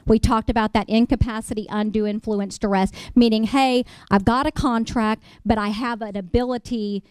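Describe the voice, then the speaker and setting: A woman's voice: a little high, steady tone, moderate pace, darkish tone, smooth, no room sound. Emphatic middle-aged woman lecturing. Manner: emphatic, keeps checking in with "okay?". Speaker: real estate attorney giving a seminar. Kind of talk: storytelling lecture to an audience.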